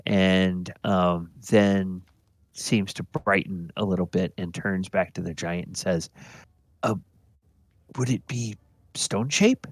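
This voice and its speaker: A man running a tabletop game as dungeon master, narrating in a relaxed, unhurried way with many fillers. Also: deep voice, no echo.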